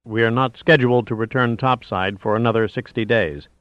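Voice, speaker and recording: A man voicing a terse, stony male commander who speaks quietly. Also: medium pitch, moderate pace, smooth, no echo, lo-fi sound, natural voice. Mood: steady.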